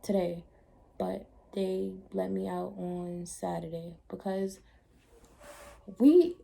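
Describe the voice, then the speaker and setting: Low, gravelly-voiced young woman vlogging. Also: takes it slowly. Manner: blunt, animated retelling with slangy asides. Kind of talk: casual storytime chat.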